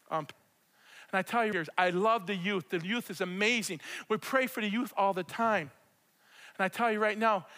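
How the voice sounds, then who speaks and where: A pastor with a high voice preaches animatedly, repeating himself and speaking straight to the congregation. It's a conversational sermon with spoken prayer, recorded with long hall reverb.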